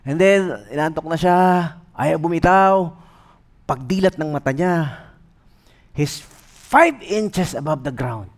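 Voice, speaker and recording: A man with a Filipino accent preaching a sermon as pastor, telling stories in an animated, humorous way. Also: on the high side, unhurried. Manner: animated, humorous storytelling mixing English and Tagalog.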